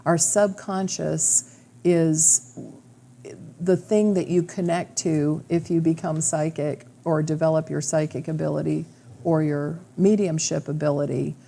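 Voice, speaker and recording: A woman hosting a radio interview as a medium, explaining in a calm, assured way. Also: low-pitched, creaky, slight background noise. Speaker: radio show host, medium. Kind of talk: interview conversation.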